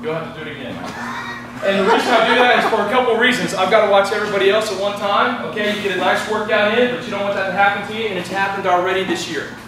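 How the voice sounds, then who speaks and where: A man's voice: high voice, fairly even intonation, fast talker, noisy background. A man with a Texan accent explaining a rowing test as an instructor, plain and repetitive, checking in with "okay?" as he demonstrates. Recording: echoey room from a distance.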